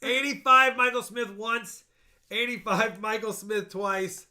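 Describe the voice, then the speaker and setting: Male stream host, high bright voice, chatty, jokey, walks through coin dates and grades. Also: takes it slowly. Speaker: live stream host auctioning coins. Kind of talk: casual live auction chat.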